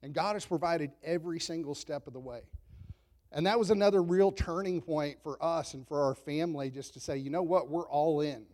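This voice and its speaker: A pastor in his thirties preaches in an easy, conversational manner, telling stories with self-deprecating humor and frequent chuckles. His voice sits a touch high with a darkish tone, and he talks briskly.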